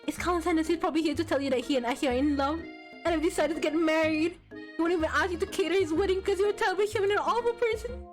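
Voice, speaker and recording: A woman VTuber streaming a game, reading its text aloud and bursting into loud outcries and laughter. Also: very high-pitched, quick pace, faint music behind.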